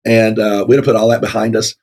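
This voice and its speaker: A man's voice: on the low side, little pitch movement, fast, darkish tone. A man co-hosting a casual Bible discussion, rambling with many fillers and frequent laughs. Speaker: co-host of a Bible talk show.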